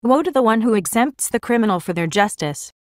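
A woman's voice: fairly high pitch, animated, a little fast, no echo, clean studio sound. Woman solemnly narrating a prophetic vision.

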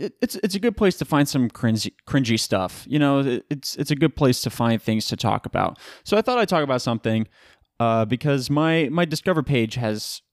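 A man's voice: medium pitch, dry recording, clean studio sound. A young man hosting a solo podcast in a casual, rambling style, often correcting himself mid-sentence. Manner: rambling, self-correcting, animated asides. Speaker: podcast host.

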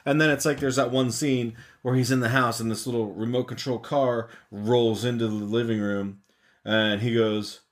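A man's voice: medium pitch, steady tone, moderate pace. A man co-hosting a podcast, talking casually about a film with wry, sarcastic asides. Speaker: podcast co-host. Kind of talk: casual movie discussion.

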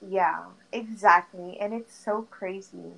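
A young woman with a mid-range voice and vocal fry tells a friend a dramatic story slowly while they chat casually during gaming. She gossips animatedly, using heavy "like" fillers and swearing often; the low-quality recording carries faint background noise.

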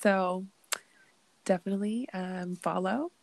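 A woman's voice: mid-range voice, steady tone, unhurried, gravelly, dry recording. Giggly lady guest on a podcast, kinda unsure of herself, laughs it off. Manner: giggly, hesitant, self-deprecating. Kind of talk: casual interview chat.

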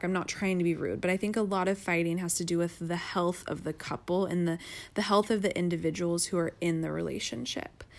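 A woman in a casual couple's chat, chatty and candid, often laughing as she talks. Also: on the low side. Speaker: podcast co-host.

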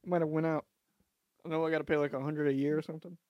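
A man's voice: fairly high pitch, level tone, very fast, dry recording, dull audio. Laid-back young man, dry close sound. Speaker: podcast co-host. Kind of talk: casual chat.

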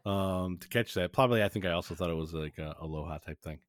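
A man's voice: low-pitched, fast, dry recording, studio quality. A man hosting a podcast, recapping an old cartoon episode in a joking, rambling casual chat full of fillers. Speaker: podcast host.

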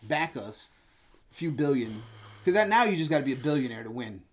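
A man co-hosting a casual podcast chat, animated and swearing freely. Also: medium pitch, a little fast. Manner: animated, swearing, laughs while talking. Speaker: podcast co-host.

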